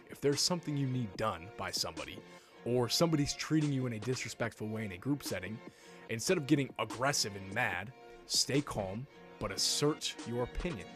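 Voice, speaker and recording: A young man speaks in a blunt, assertive lecturing tone, laying out self-help advice as if straight to camera. His voice sits at an ordinary middle pitch. A light music bed plays softly beneath him. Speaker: self-help video host. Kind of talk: scripted advice monologue to camera. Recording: faint background music.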